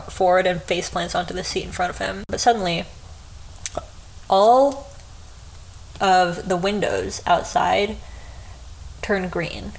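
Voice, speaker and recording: A woman's voice: mid-range voice, poor audio. A woman retelling a story in a casual, chatty way, often breaking into giggles. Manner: giggly, chatty, frequent laughs.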